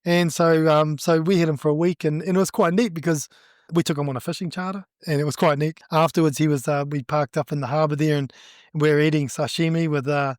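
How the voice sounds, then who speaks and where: A middle-aged man with a New Zealand accent, a judo coach telling stories in a casual interview, animated and laughing as he acts out what people said. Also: fairly high pitch, fast talker, dry recording, studio quality.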